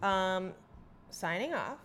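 A woman's voice: medium pitch, animated, takes it slowly, a bit bright. A woman comedian on a casual comedy podcast, blunt and sarcastic, ranting with filler words.

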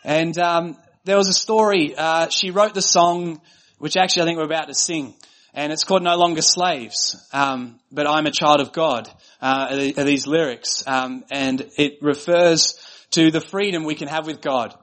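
A male pastor delivering a sermon in an earnest, conversational way, stacking up short repeated phrases as he builds each point. His speaking voice sits a little higher than most men's. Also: fairly even intonation, normal speed, fairly bright tone.

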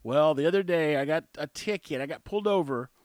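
A man's voice: a little high, brisk, smooth, no echo. A man in his forties telling a story in a casual monologue, blunt and opinionated, rambling with restarts. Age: 40s.

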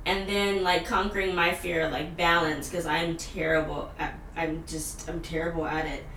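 Woman, podcast host, animated storytelling, frequent fillers, bright voice, echoey room, mic at a distance. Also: sits low, normal speed, creaky, slight background noise. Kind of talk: casual storytelling chat.

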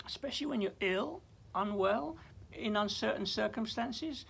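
Here the minister's husky, medium-pitched voice is animated and fairly bright, with vocal fry, moving at a moderate pace. In a short devotional talk he speaks earnestly, restarts often with stammers, and dramatizes prayers as they rise in intensity.

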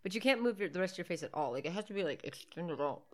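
A woman's voice: lowish voice, expressive, very fast. A woman co-hosting a podcast, chatting casually and sarcastically about a movie, laughing often. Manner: giggly, sarcastic, riffing with frequent laughs. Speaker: podcast co-host. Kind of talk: casual movie commentary chat.

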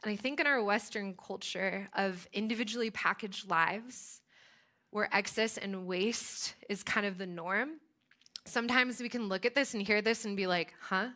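Young American woman preaching through personal story, animated and conversational, with a bright tone. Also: mid-range voice, moderate pace. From United States. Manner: animated, chatty storytelling with frequent fillers. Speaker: speaker. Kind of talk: storytelling sermon.

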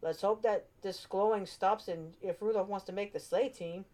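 A woman's voice: medium pitch, fairly even intonation, moderate pace, darkish tone, lightly acted. A woman reading a storybook voices a stern Santa Claus in a firm, disapproving way.

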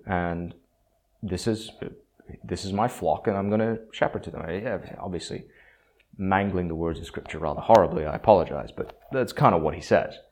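A man's voice: low-pitched, darkish tone. A man hosting a solo podcast on theology, talking in a conversational, opinionated way with fillers and asides. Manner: conversational, opinionated, with frequent fillers and acted quotes. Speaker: podcast host.

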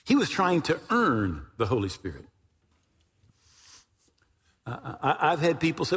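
Animated older pastor in a reverberant hall. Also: male voice, fairly high pitch, moderate pace, long pauses, slightly rough. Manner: animated, shouts at peaks of the story. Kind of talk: sermon storytelling.

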